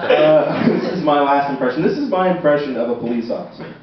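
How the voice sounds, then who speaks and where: A man's voice: a little high, quick pace, noisy background. A young man performing a stand-up comedy set on a university stage, self-deprecating and conversational, with frequent ums. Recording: roomy, distant, dull, audience laughter. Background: audience laughter.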